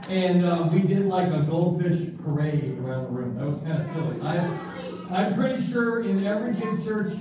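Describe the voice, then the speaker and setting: A children's pastor, a man, leading a playful kids church puppet skit with mock-solemn delivery. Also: sits high. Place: large echoey church room. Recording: echoey room from far off, noisy.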